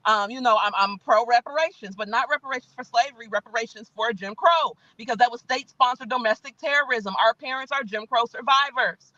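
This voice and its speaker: Bright-voiced, emphatic woman. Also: fairly high pitch, fast, few pauses, no echo, highs cut off. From Chicago, US. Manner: animated, folksy, emphatic. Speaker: guest. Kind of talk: conversational interview. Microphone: podcast mic.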